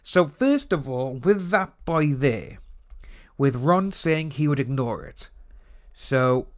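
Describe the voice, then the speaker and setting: A man's voice: on the high side, slow pace. Rambling Welsh man vlogging. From Wales. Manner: rambling, animated, stumbling restarts. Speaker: YouTube commentator. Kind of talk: casual commentary vlog. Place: home room with open window.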